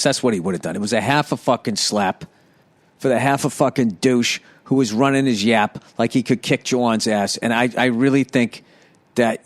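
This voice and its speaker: A man hosting a solo podcast, ranting with heavy profanity and sarcasm and stammering restarts when worked up. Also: medium pitch. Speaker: podcast host.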